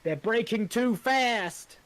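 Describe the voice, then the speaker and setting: A man's voice: very high-pitched, takes it slowly, fairly bright tone, voice pushed up, exaggerated voice. A man voicing a cocky young male swindler in an amateur script reading, with urgent, stammering outbursts.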